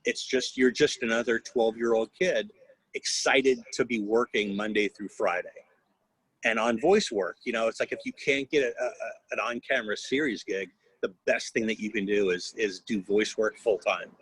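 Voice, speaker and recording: Husky middle-aged man telling stories. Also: lowish voice, moderate pace, fairly bright tone, no room sound, rough recording. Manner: rambling storyteller with many restarts, laughs often. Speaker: guest voice actor. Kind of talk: casual anecdotal interview.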